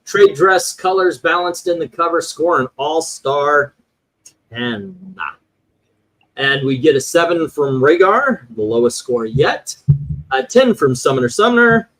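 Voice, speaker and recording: A man's voice: a little high, expressive, unhurried, fairly bright tone, rough recording. A man hosting a casual livestream chat, reading viewer comments and scores aloud with many fillers. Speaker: host.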